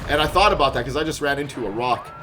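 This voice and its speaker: A man streaming a horror game live, chatting with viewers and teammates, quick to laugh and yelp in surprise. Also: medium pitch, animated, pushed and bright, slight background noise. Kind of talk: live gameplay commentary.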